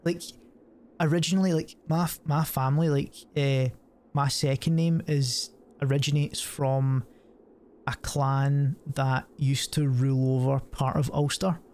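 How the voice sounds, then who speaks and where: A man's voice: medium pitch, level tone, a little slow, a little mellow, slight background noise. A man rambling and swearing casually while streaming a game. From Scotland. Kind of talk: casual gameplay commentary.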